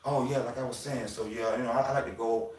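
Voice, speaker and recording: A man's voice: medium pitch, fairly even intonation, fast, darkish tone, reverberant. A man hosting a livestream, rambling on in a casual, profane rant with many asides, stumbles and restarts. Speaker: livestream host.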